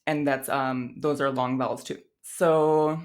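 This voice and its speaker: A woman's voice: a bass voice, fairly even intonation, a little slow. A woman teaching a language lesson in a chatty, casual way, with lots of fillers and restarts, and carefully sounding out her examples. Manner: models examples in an over-careful voice.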